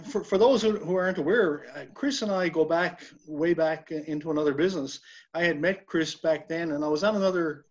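A man from Newfoundland, Canada, telling his own story on a video call in a rambling, halting way. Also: on the high side, lo-fi sound. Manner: rambling, many fillers and restarts. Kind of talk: casual testimonial.

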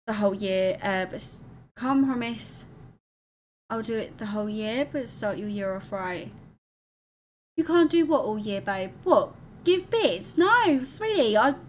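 Chatty woman streamer, high voice. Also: slight background noise. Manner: affectionate, calls viewers darling and sweetheart; candid and emotional, rambling. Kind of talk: casual live-stream chat.

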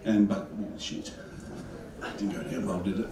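A man's voice: deep voice, fairly even intonation, moderate pace, warm tone, slight background noise. A man at an open mic, telling a rambling, hesitant story on stage. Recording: echoey room.

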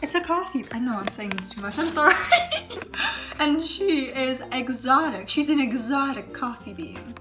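A woman's voice: sits high, expressive, normal speed, echoey room, music in the background. A woman unboxing toys in casual chat, hyper and gushing, gasping over each new find. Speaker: toy reviewer.

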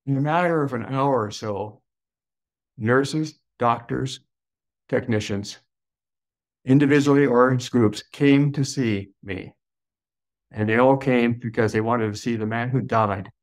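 A man with a gravelly, creaky voice recounts a personal experience as a guest. He speaks slowly and in awe, and his voice jumps up when he gets excited. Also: mid-range voice. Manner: slow, wondering delivery with sudden excited rises. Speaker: podcast guest. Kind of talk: personal storytelling.

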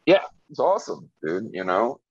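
A low, husky man tells his stories in an easygoing ramble, leaning on "like" and "you know" as he goes. He is from Virginia and talks like a guest on a casual podcast. The recording is dry and a little dull. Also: wildly swooping pitch, moderate pace, dry recording. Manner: laid-back storytelling, frequent "like" and "you know". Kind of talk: casual chat.

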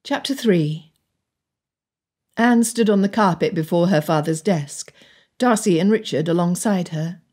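A woman narrating an audiobook in an even, measured storytelling manner. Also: lowish voice, breathy edge. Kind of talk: scripted narration.

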